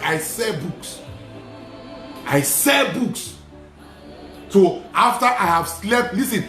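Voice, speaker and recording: A man who is a Nigerian Catholic priest, preaching emphatically and repeating lines, slipping into pidgin and shouting at the peaks. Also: high voice, reverberant. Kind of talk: preaching sermon. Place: studio.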